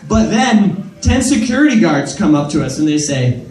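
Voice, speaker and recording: A man's voice: on the high side, sing-song, normal speed, darkish tone, roomy sound, distant mic, low-quality recording. A young man doing stand-up in a comedy club, telling a rambling, profane story full of fillers.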